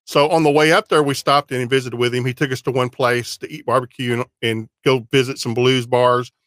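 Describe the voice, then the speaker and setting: A Texan podcast host runs a casual, friendly interview, often restarting his words. His medium-pitched, slightly bright voice moves fairly quickly with fairly even intonation, recorded in studio quality with no room sound.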